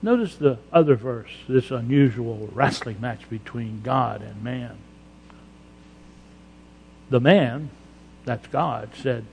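A male pastor preaching an emphatic sermon, breaking into loud acted-out prayers. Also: mid-range voice, slow, creaky, pauses often, breathy edge. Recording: long hall reverb.

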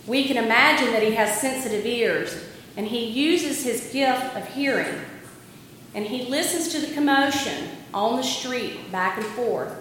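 A woman preaching a sermon, retelling a story slowly and deliberately with dramatic emphasis. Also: a little high, fairly bright tone, a little hiss or hum. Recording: echoey hall, long reverb, faint ambience.

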